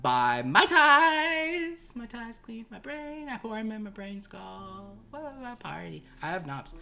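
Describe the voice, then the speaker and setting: A man's voice: medium pitch, normal speed, natural voice. A man voicing a tipsy woman radio personality who rambles about partying. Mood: giddy. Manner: slurred, rambling, party-loud.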